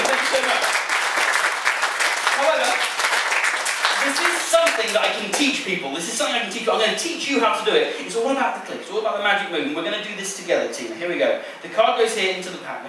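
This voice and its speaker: The voice sits high as this stage magician delivers playful patter to his volunteer while performing a card trick. Captured from a distance in a big, echoey theater, the clip has background noise.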